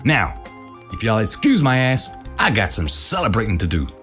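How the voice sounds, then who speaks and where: A man's voice: fairly low pitch, wildly swooping pitch, moderate pace, a bit bright, faint music behind. A man doing a cocky American flag. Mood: cocky teasing. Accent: put-on American. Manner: cocky, teasing. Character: brash swaggering American flag, male. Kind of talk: homemade comedy skit.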